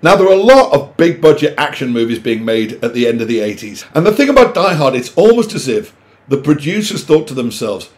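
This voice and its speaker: A middle-aged man, talking to camera in an exasperated, sweary rant with sudden loud outbursts. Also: mid-range voice, sing-song, fairly quick. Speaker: vlogger. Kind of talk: opinionated monologue to camera.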